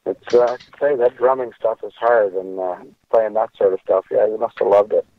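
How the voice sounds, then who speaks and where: A man's voice: on the low side, brisk. Chatty man on dull lo-fi audio. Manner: animated, chatty storyteller. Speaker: guest musician. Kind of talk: casual chat.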